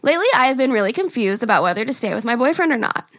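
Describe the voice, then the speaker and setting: A woman co-hosting a casual podcast. She talks frankly and teases her co-host, and she reads listener emails aloud in an even voice. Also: on the high side, racing.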